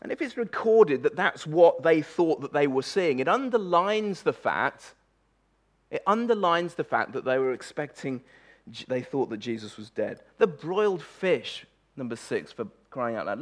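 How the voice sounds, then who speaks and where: Male preacher, slightly high voice, emphatic conversational sermon, restarts and repeated words. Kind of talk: conversational sermon on a Bible passage.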